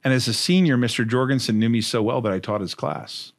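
A man's voice: medium pitch, a little fast, no echo, clean studio sound. A man hosting a podcast interview, mostly giving short agreeing interjections and chatting casually. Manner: brief affirming interjections, chatty. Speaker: podcast host.

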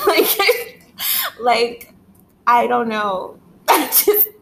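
A woman's voice: sits high, big pitch swings, drawn-out words, gravelly, fairly bright tone, a little hiss or hum. Rambling, laughing woman podcaster. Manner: rambling, laughing often, heavy filler words, profane. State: high. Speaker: podcast host. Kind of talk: casual solo podcast monologue.

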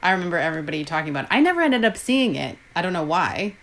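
A woman's voice: fairly low pitch, sing-song, very fast, a bit bright. A woman from North America guesting on a podcast, talking in a rambling way. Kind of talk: casual chat.

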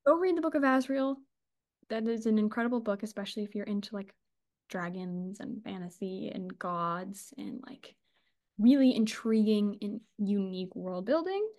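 A woman's voice: mid-range voice, moderate pace, a little mellow. A woman co-hosting a casual book podcast, gushing and chatty, swearing and laughing as she talks. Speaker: podcast co-host.

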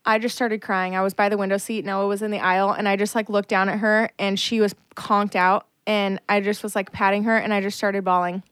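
A woman's voice: medium pitch, flat delivery, fairly quick, hardly any pauses, a bit bright, clean tone, no room sound, studio quality. A young woman co-hosting a casual podcast, telling a long story in a chatty way full of fillers. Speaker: podcast co-host. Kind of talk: casual chat.

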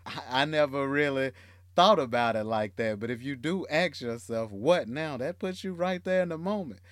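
A man's voice: mid-range voice, moderate pace, fairly bright tone, no echo. Podcast host guy, hyped and supportive, dry close recording. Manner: enthusiastic, affirming, repeats guest's points. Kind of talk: casual podcast chat.

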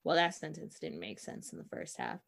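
Woman on a podcast, kinda low voice, blunt and sarcastic, casual chat. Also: wildly swooping pitch, moderate pace, creaky. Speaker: podcast co-host.

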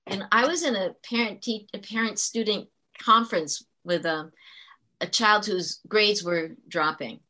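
A woman's voice: mid-range voice, unhurried, pushed and bright. A woman who works as a teacher, talking earnestly in an interview and explaining her points with frequent restarts. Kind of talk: conversational interview storytelling.

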